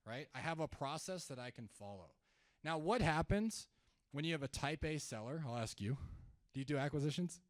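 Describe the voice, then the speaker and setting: A man's voice: a little high, animated, a little fast, dry recording. Conversational man coaching a live audience. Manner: conversational, asks the audience questions, acts out seller calls. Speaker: sales trainer speaking at an event. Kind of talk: live seminar talk.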